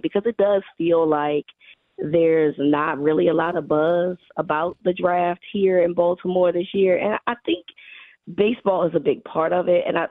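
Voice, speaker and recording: A hoarse woman with allergies, talking football as a radio guest in a loose, chatty way. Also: low-pitched, no room sound. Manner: relaxed, conversational, many fillers. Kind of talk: casual radio chat. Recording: tinny phone line.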